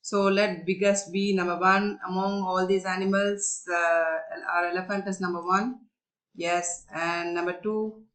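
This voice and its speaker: Slow, patient teacher. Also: female voice, lowish voice, level tone, fairly bright tone, low-quality recording. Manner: explains patiently, asks and answers her own questions. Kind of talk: classroom story lesson.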